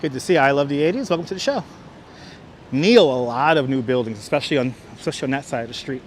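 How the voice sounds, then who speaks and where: A man's voice: medium pitch, animated, fast talker, a little hiss or hum. A man hosting a casual walking livestream outdoors on city streets, talking on a clip-on mic, restarting phrases and thanking viewers as he goes. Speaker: livestream host. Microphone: wireless clip-on mic.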